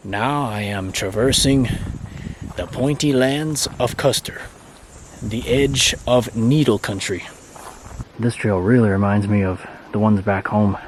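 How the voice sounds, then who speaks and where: A man's voice: fairly low pitch, measured pace, a little hiss or hum. A man talking casually to himself while hiking a pine forest trail, rambling and playful. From Colorado. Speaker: hiking vlogger. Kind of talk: casual hiking vlog talk.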